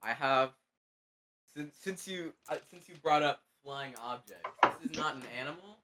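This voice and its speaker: A man's voice: a little high, normal speed, heavy background noise. A young man co-hosting a podcast over an online call, offhand and apologetic with dry jokes. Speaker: podcast co-host. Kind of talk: casual chat.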